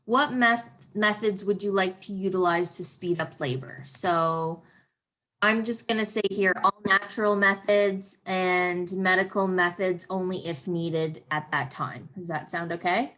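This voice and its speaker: A woman working as a doula, chatting casually through a birth plan, upbeat and quick to laugh. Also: on the low side, steady tone, fairly bright tone. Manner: upbeat, laughs easily, reads questions aloud. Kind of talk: casual birth-planning chat.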